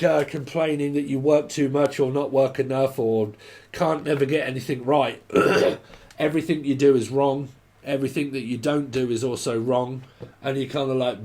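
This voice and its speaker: A man's voice: mid-range voice, darkish tone. A man giving a casual, rambling tarot reading, often swearing and laughing. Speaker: tarot reader.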